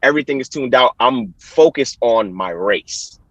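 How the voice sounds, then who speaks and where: Husky-voiced American man, lively storyteller. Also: medium pitch, normal speed, no echo, highs cut off. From Haiti. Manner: chatty storytelling with frequent laughs and restarts. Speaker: Olympic hurdler, guest. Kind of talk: casual podcast interview.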